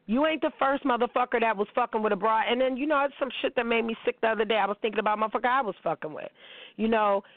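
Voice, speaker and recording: A woman's voice: fairly high pitch, very fast, dry recording. A middle-aged woman hosting a radio talk show, speaking in a blunt, profane, confrontational monologue. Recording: dry, narrow phone-like sound.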